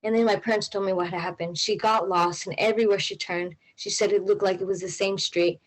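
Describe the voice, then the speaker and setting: A woman's voice: medium pitch, fairly even intonation, a little fast, low-quality recording. A young woman telling a personal story on stage, in a casual way with many fillers and an anxious tone. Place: stage at a live event.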